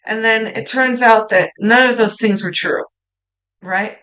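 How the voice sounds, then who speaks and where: The voice is mid-range and a little slow as a tarot reader gives a pick-a-card reading. It's tender and reassuring in tone, with frequent restarts and soft, trailing endings.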